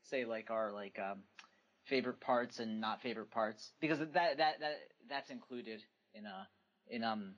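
A man co-hosting a casual movie review podcast, excitable and quick to jump in, laughing often. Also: lowish voice, muffled recording. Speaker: podcast co-host.

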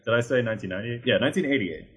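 A man's voice: medium pitch, rapid-fire, husky. A man co-hosting a casual podcast, easygoing and a little rambling. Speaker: podcast co-host.

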